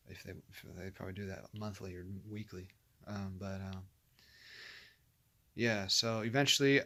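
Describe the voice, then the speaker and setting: A man's voice: fairly low pitch, fairly bright tone. A man from Northern California telling his own story in a casual, rambling monologue, swearing freely and often restarting his sentences. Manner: rambling, profane, with frequent fillers and restarts.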